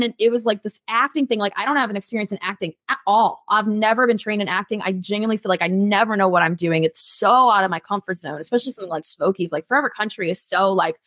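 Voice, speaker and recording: A woman's voice: mid-range voice, fast, hardly any pauses, a bit bright, no room sound, clean studio sound. A woman in her twenties chatting as an interview guest, filling her talk with "like" and acting out what others said. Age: 20s. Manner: chatty, fills talk with "like", acts out quotes. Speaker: guest performer. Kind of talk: casual interview chat.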